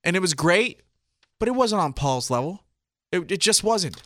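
A man co-hosting a casual wrestling podcast, chatty and excitable, quick to chime in and agree. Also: high-pitched, dry recording, studio quality. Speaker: podcast co-host.

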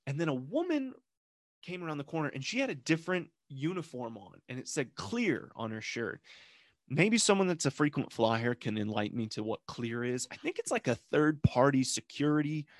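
A man's voice: a little high, sing-song, moderate pace, no room sound, clean studio sound. A man chatting casually as a podcast co-host, telling a rambling story and acting out what people said. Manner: rambling storyteller, acts out quotes. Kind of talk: casual chat.

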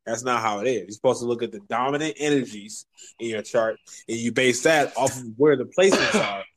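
Male guest, easygoing slang talker, mid pitch. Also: brisk, slight background noise, low-quality recording. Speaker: podcast guest. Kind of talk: casual chat.

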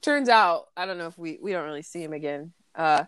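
A woman's voice: deep voice, expressive, fairly quick, a bit bright, smooth, no room sound. A woman co-hosting a podcast, chatting casually and laughing as she recounts movie scenes. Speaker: podcast co-host. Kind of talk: casual chat.

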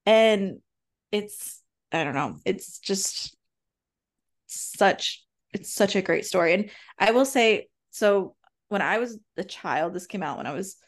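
A woman co-hosting a podcast, telling stories in an animated way. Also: mid-range voice, slow. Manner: animated, storytelling. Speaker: podcast co-host. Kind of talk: casual chat.

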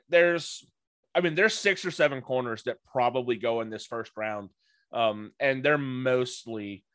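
A man's voice: mid-range voice, a bit bright, no echo. A man co-hosting a casual podcast, breaking down football prospects in a hesitant, analytical way with many filler words.

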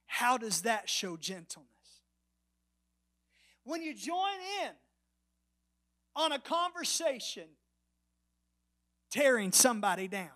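A man with a very high-pitched voice preaches as a pastor, narrating a story with sharp contrasts in volume. For emphasis, he lets the close of each phrase fall almost to a whisper.

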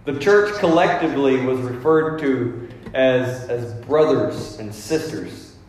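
A man's voice: medium pitch, slow pace, a little mellow, a little hiss or hum. A male pastor giving an emphatic, conversational sermon and acting out everyday voices as he makes his points. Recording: very echoey hall with long reverb.

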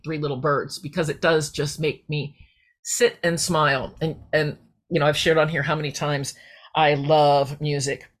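A woman's voice: low-pitched, a bit bright. A middle-aged woman hosting a faith-based personal podcast, talking in a heartfelt, rambling way that wanders off on tangents. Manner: rambling, heartfelt, digressive, with restarts. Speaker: podcast host.

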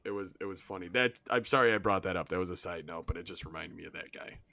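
A young man with a lower-than-average voice joins in on a casual podcast. He is chatty and quick to joke, and the recording sounds dry and close. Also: gravelly, bright, forceful tone, dry recording. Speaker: podcast co-host.

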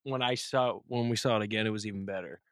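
A man's voice: on the low side, fairly even intonation, quick pace, fairly bright tone, no room sound, clean studio sound. A young man co-hosting a casual podcast, mostly reacting and chiming in with short agreeing remarks. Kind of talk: casual chat.

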